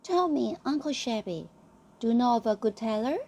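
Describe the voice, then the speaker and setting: A woman voicing an excitable young male lion who gushes over his food in a high, eager voice, reading a bedtime story. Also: moderate pace, slight background noise. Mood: gushing, excited. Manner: squealing, gushing, high and eager.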